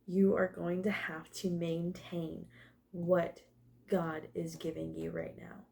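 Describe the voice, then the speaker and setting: A woman's voice: lowish voice, flat delivery, slow, gravelly, dark tone. A young woman doing a casual tarot and oracle card reading, emotional, laughing often and swearing now and then. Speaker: tarot reader.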